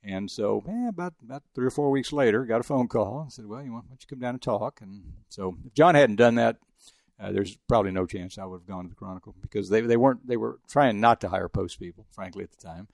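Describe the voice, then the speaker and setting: Older male sportswriter guest, rapid-fire, gravelly, rambling anecdotes, dry close mic. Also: on the low side, darkish tone, no echo. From El Paso, Texas. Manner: rambling anecdotes with frequent restarts. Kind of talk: casual interview storytelling.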